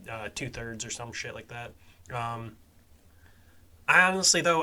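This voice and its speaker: Bright-voiced, profane casual podcast host man. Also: mid-range voice. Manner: casual and profane, with fillers, trailing off quietly at phrase ends.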